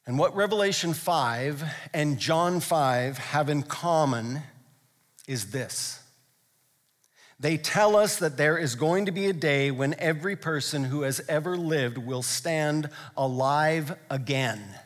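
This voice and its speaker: A man preaching a sermon as a pastor, impassioned, rising to loud repeated exclamations. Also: a little high, lively intonation, slow. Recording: long reverb of a large hall.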